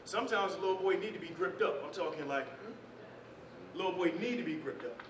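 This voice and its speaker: A man's voice: sits high, fairly quick, fairly bright tone. Man lecturing a class in an echoey room. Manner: loose conversational talk with street slang and scripture quotes. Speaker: civic class speaker. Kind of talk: informal lecture to a small class. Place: indoor meeting room. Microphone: distant camera mic. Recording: echoey room, far from the mic, noisy.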